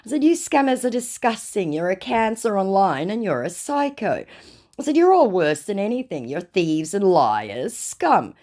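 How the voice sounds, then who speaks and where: A woman's voice: medium pitch, very animated, normal speed, a little mellow. A woman narrating a storytime vlog, reading out chat messages in a sarcastic, mocking way. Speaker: vlogger recounting scam chats.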